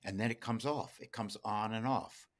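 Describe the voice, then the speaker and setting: A man's voice: on the low side, fairly even intonation, moderate pace. A man co-hosting a podcast, analyzing a classic film and putting probing questions to his co-host. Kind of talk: casual film discussion.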